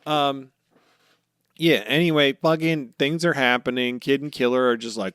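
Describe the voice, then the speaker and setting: Excitable, foul-mouthed man co-hosting a podcast. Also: medium pitch, moderate pace, clear, resonant tone, no echo, clean studio sound. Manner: excitable, profane, acts out characters' lines. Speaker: podcast co-host. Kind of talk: casual podcast chat.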